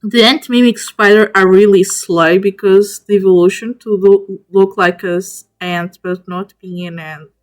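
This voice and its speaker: A woman streamer ranks spiders in a tier list, chatting casually with viewers and gushing over each one as she addresses them directly. Her medium-pitched voice stays fairly even at a measured pace with few pauses, though she often stops and restarts mid-word.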